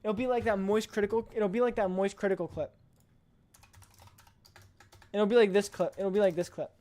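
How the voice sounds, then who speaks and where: A woman's voice: mid-range voice, steady tone, normal speed, mellow. A woman streamer chatting casually on a live stream, emphatic and playfully blunt, often repeating her points.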